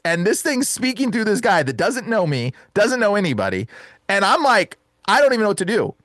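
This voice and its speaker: A man who works as an exorcist tells his story as a guest in casual, slangy talk. His voice sits high and leaps all over the place. The sound is dry and close. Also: fairly quick, no echo. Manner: animated and casual, full of slang asides. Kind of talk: excited storytelling in an interview.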